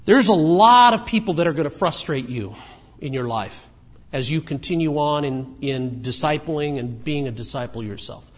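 A man preaching a sermon in a conversational way, moving between emphatic points and quiet asides. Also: a little high, lively intonation, normal speed. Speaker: pastor.

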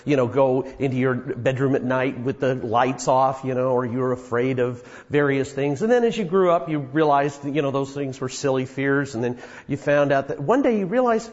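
A man's voice: medium pitch, moderate pace, hardly any pauses, a little mellow. A man in his fifties preaching a sermon, telling a story in a folksy way with many fillers. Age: 50s. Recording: dull sound in an echoey hall.

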